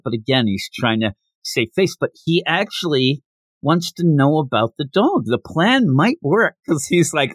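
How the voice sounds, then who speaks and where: Animated man recapping a manga. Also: fairly high pitch, a little slow, husky, dry recording. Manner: animated, jumps into character voices. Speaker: podcast host.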